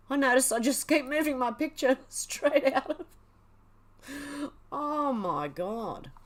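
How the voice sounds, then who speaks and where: A woman, hosting a casual livestream, reading headlines and viewer comments in a chatty, exclaiming way and laughing often. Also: on the high side. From Australia. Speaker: livestream host.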